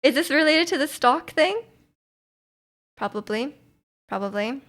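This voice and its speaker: This young woman streams and chats loosely with her audience, reading their messages, restarting thoughts, saying "like" constantly, and laughing a lot. Her voice sits high and sounds animated and a bit bright, and she never rushes.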